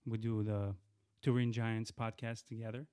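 A man hosting his podcast alone, chatting loosely about the show and giving shout-outs, often restarting his sentences. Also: fairly low pitch, flat delivery, normal speed, clean tone. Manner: chatty, rambling with frequent restarts. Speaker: podcast host. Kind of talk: casual solo podcast intro.

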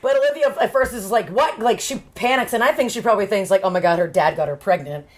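Woman, casual podcast chat, animated, acts out quotes, mid-range voice. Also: medium pitch, quick pace.

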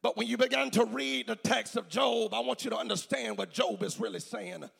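A male pastor preaching a sermon in a church, shouting in a rhythmic chant with an "uh" between phrases. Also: extremely high pitch, brisk, creaky, breathy edge, faint music behind. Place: church sanctuary.

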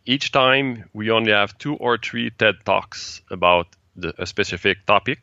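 A man from Quebec with a French-Canadian accent, a native French speaker being interviewed about the events he organizes, speaking halting English and searching for words. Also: fairly low pitch, pushed and bright, dry recording, lo-fi sound. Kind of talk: casual interview chat.

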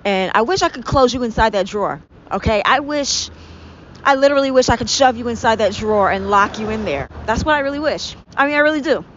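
A woman with a slightly high voice rants through her own podcast, sarcastic, exasperated and quick to swear. The recording is dull and lo-fi. Faint street traffic can be heard in the background. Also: lively intonation. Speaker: podcast host. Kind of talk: ranting solo podcast. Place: indoors near a street with honking cars.

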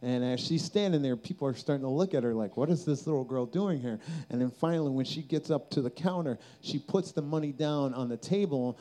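A man's voice: medium pitch, a little fast, hardly any pauses, warm tone, low-quality recording. A man preaching at a youth camp, telling a story and building to a fervent call. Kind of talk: sermon.

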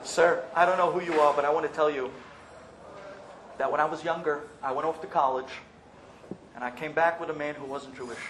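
A man voicing a bitter middle-aged daughter who speaks quietly, low and cold. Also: fairly even intonation, a little fast, long pauses, slight background noise, close to an everyday voice. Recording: roomy echo with faint ambience.

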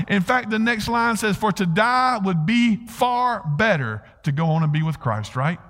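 A man preaching a sermon as pastor, earnestly stressing key phrases and slowing down on them. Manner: earnest preaching, rises in pitch for emphasis, slows on key phrases. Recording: long hall reverb.

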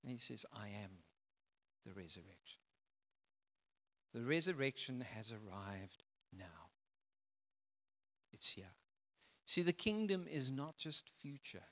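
A man preaching a sermon, emphatic, swinging from loud declarations to soft, quiet phrases. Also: fairly high pitch, big-room sound. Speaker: pastor.

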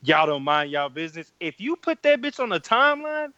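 A man co-hosting a podcast speaks with a very lively, swinging pitch as he needles the others. The sound is dry and somewhat dull. He keeps jumping in to correct and tease. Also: a little fast, dry recording. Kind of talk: casual podcast banter.

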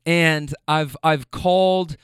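Rambling man telling a story, smooth voice. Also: fairly high pitch, steady tone, slow, a bit bright, no echo, studio quality. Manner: rambling with fillers, stammers and swearing. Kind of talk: casual storytelling.

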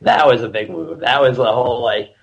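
Young man, podcast guest, animated storyteller, laughs often, casual chat. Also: medium pitch, fairly quick, highs cut off.

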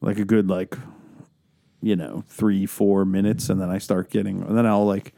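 A man's voice: low voice, little pitch movement, moderate pace, gravelly, mellow, dry recording. A man co-hosting a podcast, chatting casually in a rambling, self-mocking way with many fillers. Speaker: podcast co-host. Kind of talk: casual chat.

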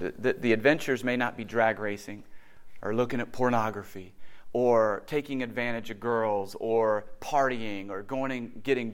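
A middle-aged preacher with a clear, resonant, mid-range voice delivers a sermon, telling stories with animation and acting out the quotes as he goes.

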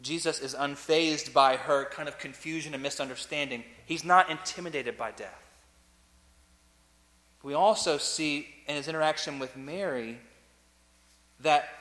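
A man preaching a sermon as a pastor, earnest, swinging between loud emphasis and soft, quiet lines. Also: fairly high pitch, a little slow, long pauses. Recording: long reverb of a large hall.

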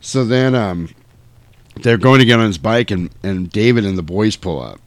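Low-voiced, profane podcast host. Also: male voice, moderate pace, no room sound. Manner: profane, laughing, animated retelling. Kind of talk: casual movie discussion chat.

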